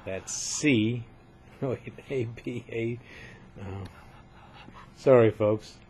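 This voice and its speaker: A man's voice: mid-range voice, drawn-out words, darkish tone, husky. An older man giving a recorded lecture on poetry, explaining step by step and often checking in with "right?".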